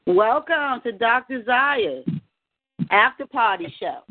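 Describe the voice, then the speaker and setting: A woman hosting an online talk show from her bed, relaxed and laughing easily. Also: fairly high pitch, slow pace, no echo. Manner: lively, laughing, laid-back. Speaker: host. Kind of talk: casual chat. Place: in bed at home. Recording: tinny phone line.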